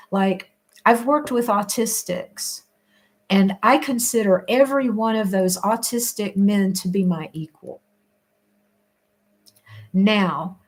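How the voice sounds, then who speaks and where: A woman's voice: medium pitch, a little mellow. Rambling, reflective woman chatting. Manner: rambling, restarts often, laughs between thoughts. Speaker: livestream host reading viewer comments. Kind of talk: casual reflective chat.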